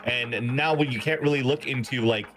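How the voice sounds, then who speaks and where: A man's voice: medium pitch, moderate pace, a bit bright. A man talking as an esports desk analyst, giving long joking, rambling explanations.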